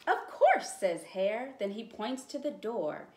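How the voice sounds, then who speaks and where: Expressive storytime librarian woman. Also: medium pitch, echoey room. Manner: slow, expressive, encouraging. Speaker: children's librarian. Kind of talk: storytime reading and singing.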